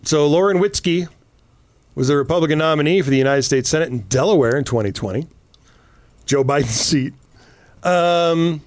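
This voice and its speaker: A man's voice: fairly high pitch, dry recording. A man co-hosting a casual political talk show, reading news items aloud and adding sarcastic asides. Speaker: podcast co-host.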